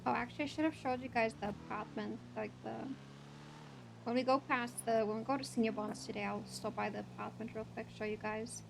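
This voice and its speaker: Chatty young woman with a gravelly edge. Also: fairly high pitch, fairly even intonation, a little fast, background noise. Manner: chatty, peppered with "like" and "sick". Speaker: streamer playing her roleplay character. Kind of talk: casual roleplay chat.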